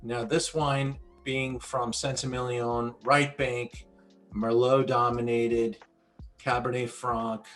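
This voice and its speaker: A man hosting an online wine tasting, describing wines slowly in vivid imagery. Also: mid-range voice, little pitch movement, fairly bright tone, faint music behind. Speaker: wine educator host.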